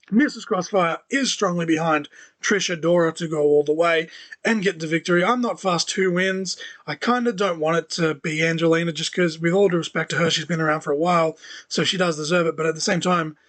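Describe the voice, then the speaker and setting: A man's voice: on the high side, a bit bright. A man hosting a solo wrestling podcast, talking casually with lots of "you know" fillers and dry sarcastic asides. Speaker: podcast host.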